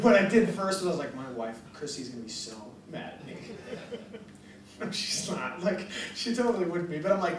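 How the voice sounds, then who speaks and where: A man's voice: a little high, expressive, normal speed. A young man preaching animatedly to a crowd, telling jokey stories and acting out both sides of conversations. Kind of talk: animated sermon storytelling. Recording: echoey hall mic from a distance.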